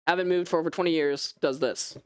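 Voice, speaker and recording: A man preaching a first-person dramatic sermon as an animated storyteller whose voice rises and falls. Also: fairly high pitch, fast talker, clear, resonant tone, dry recording. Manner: animated storytelling, voice rising and falling.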